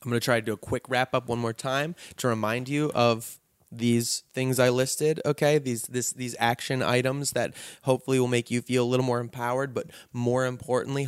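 An earnest male podcast host delivers a rousing, profanity-laced pep talk to his listeners. His voice sits at an average pitch. The sound is dry and close, with no room around it. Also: fairly even intonation, moderate pace, clear, resonant tone, no echo. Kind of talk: impassioned solo podcast sign-off.

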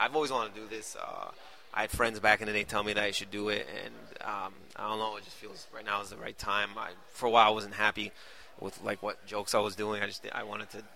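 Male comic guest, loose rambling storyteller, bright voice. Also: fairly low pitch, vocal fry, slight background noise. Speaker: stand-up comedian guest. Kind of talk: casual podcast chat.

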